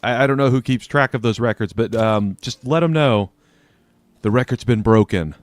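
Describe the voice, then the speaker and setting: A man hosting his own gaming channel, giving excitable, jokey live commentary and talking back to the game. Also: mid-range voice, normal speed.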